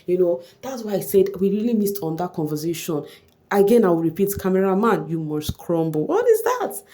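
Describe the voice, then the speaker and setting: A woman talks in a loose, chatty gossip style, often breaking into exclamations. Her voice sits low and sounds mellow rather than bright. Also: a little fast, a little hiss or hum. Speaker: vlogger recapping a reality show. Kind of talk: casual gossip commentary.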